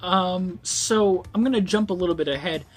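A man's voice: sits high, moderate pace, husky, soft background music. A young man giving a casual book review, rambling with frequent ums and swearing when worked up.

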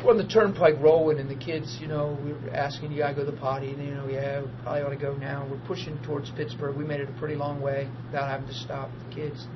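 A middle-aged man preaching a sermon built on personal testimony, animated, acting out the people in his stories and laughing easily. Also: a little high, fast talker, hardly any pauses. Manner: animated storyteller, acts out dialogue, laughs easily. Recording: dull lo-fi archive recording with steady noise.

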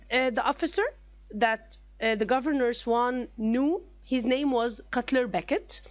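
A woman teacher with an Egyptian accent walks her class through a story, stopping often with fillers as she retells it. Her voice sits fairly high. The recording is a little dull and lo-fi. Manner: explains step by step with many pauses and fillers. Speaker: English teacher. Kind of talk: classroom reading lesson.

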